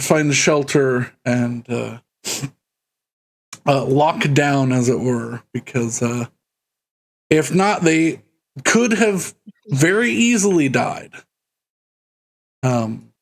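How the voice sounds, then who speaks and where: Slow, halting game master man. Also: fairly high pitch, gravelly. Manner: slow, halting with many fillers, laughs often. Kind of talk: casual chat and recap of a tabletop game.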